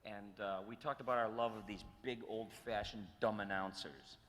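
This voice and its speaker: Bright, animated man in his sixties. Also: on the low side, normal speed. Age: 60s. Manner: animated, acts out quotes, restarts phrases. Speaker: guest voice actor on a convention panel. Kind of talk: storytelling in a panel Q&A. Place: convention panel hall. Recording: echoey hall with faint noise.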